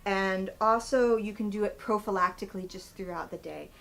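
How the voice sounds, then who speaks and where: A woman's voice: medium pitch, normal speed, vocal fry, fairly bright tone, poor audio. A woman in her thirties, a physical therapist, demonstrating stretches in a chatty how-to vlog and laughing at herself. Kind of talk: instructional vlog demo.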